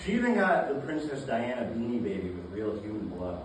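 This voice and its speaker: A man performing a deadpan stand-up set in a comedy club, halting with many fillers. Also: medium pitch, background noise. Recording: roomy club sound from a distance, audience laughter. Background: audience laughing.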